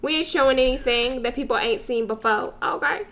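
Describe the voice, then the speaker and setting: A woman's voice: high-pitched, brisk, vocal fry. A woman giving sassy, joking commentary while playing a life-sim video game. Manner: sassy, animated, slangy and joking. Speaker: let's play gamer.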